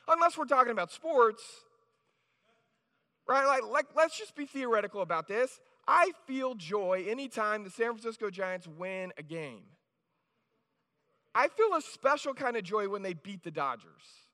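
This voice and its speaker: High, bright-voiced man preaching in a hall. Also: expressive, normal speed. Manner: conversational, with frequent restarts and "right?" asides. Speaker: pastor. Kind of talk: sermon. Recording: reverberant hall.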